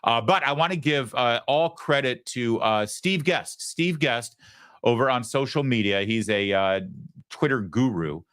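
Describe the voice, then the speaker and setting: A man hosting a political talk show, giving mocking, animated commentary. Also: mid-range voice, a little slow, no echo, studio quality.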